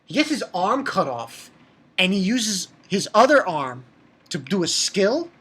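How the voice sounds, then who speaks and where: A man casually recapping an anime episode in an excitable way, swearing and stumbling over fillers and restarts. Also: high voice, a little slow, husky.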